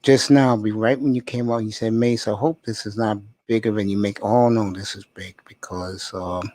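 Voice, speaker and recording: A man's voice: on the low side, steady tone, normal speed, warm tone, no echo. Affectionate male host, dry sound. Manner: affectionate, emotional. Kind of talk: casual chat.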